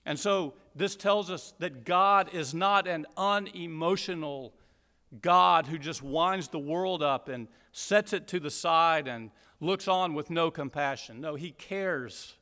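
A man from Georgia teaching through a Bible passage verse by verse, explaining deliberately and repeating points for emphasis. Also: fairly high pitch, pushed and bright, big-room sound.

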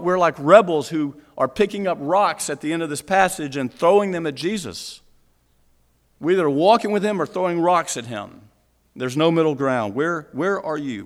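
A man preaching a sermon as pastor, earnest, asking rhetorical questions and repeating lines for emphasis. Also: a little high. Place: church. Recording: long church reverb.

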